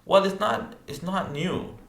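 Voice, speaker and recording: A man's voice: sits high, a little slow, vocal fry, a bit bright. Man teaching grammar in an echoey room. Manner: reads Arabic text then translates and explains with asides. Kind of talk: explaining a grammar text line by line. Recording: roomy echo.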